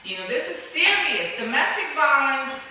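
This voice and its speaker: A woman's voice: high-pitched, very animated, moderate pace, sharp tone. A woman with grandchildren giving an impassioned public speech as an activist, pleading and repeating phrases for emphasis. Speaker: activist speaker. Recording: echoey hall recording from far off.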